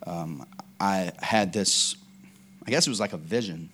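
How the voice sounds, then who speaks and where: A man's voice: low-pitched, measured pace, a bit bright, a little hiss or hum. A man preaching a casual, conversational sermon, telling stories with lots of fillers and restarts.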